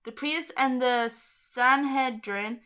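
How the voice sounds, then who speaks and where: A woman's voice: high voice, slow pace, bright, forceful tone, clean tone. A young woman reading a Bible story aloud, stumbling over hard names and adding chatty asides.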